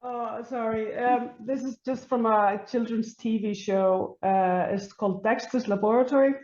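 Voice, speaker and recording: Woman in a workshop call, kinda hesitant, slow, muffled echoey mic. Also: on the high side, fairly even intonation, a little mellow. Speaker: workshop participant. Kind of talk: casual chat. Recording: muffled, roomy video-call audio.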